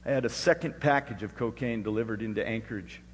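A middle-aged man from Alaska preaching a sermon and telling his own story. He moves between hushed storytelling and loud, rising preaching. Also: lowish voice, quick pace, big-room sound, slight background noise. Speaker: pastor. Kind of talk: sermon with personal testimony.

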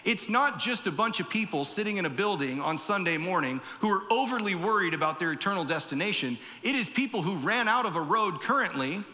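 High, bright-voiced man preaching. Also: lively intonation, fairly quick, hardly any pauses, in a large hall. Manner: conversational, acts out quoted voices. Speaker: pastor. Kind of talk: sermon. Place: church.

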